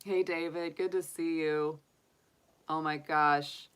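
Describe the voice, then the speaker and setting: A woman's voice: low voice, fairly even intonation, slow, a bit bright, smooth. A middle-aged woman hosting a tarot livestream, chatting casually with viewers, often laughing and talking straight to them. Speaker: tarot reader and channel host.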